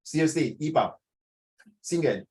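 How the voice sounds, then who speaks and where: A man's voice: on the high side, expressive, a little slow, darkish tone. A man with a Singaporean accent teaching a class, joking with his students and quizzing them. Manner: joking, asks students questions, mixes in Mandarin. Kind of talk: classroom lesson.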